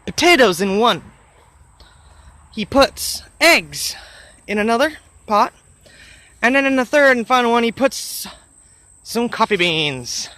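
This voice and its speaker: A man's voice: very high-pitched, pushed and bright, dry recording. A man telling a motivational story on a vlog, rambling and earnest, with lots of fillers along the way. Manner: earnest, encouraging. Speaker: motivational vlogger.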